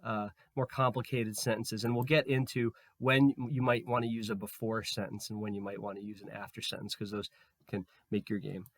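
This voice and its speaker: A man with a slightly hoarse voice explains code in a screen-recorded tutorial. He talks in a relaxed way while he works, with fillers and restarts. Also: lowish voice, brisk, no echo. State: slightly hoarse, losing his voice. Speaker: programming tutor.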